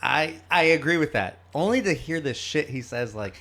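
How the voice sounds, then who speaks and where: A man's voice: fairly high pitch, expressive, normal speed, fairly bright tone. A man co-hosting a podcast in casual chat, rambling, swearing and laughing often. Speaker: podcast co-host.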